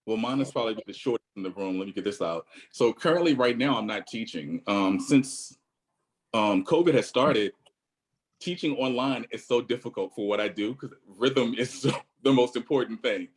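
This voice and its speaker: A man's voice: medium pitch, moderate pace, poor audio. A man with a Virginia accent, a choreographer on an online panel, talking earnestly on a video call and thinking aloud. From Virginia, USA.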